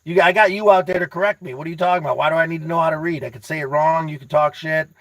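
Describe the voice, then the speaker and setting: A man with a somewhat high voice hosts a casual livestream, reading comments aloud and answering viewers by name. He talks excitably and rambles, often repeating himself as he gives motivational talk. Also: racing, no room sound, poor audio. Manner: addresses viewers by name, teasing. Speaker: livestream host reading chat.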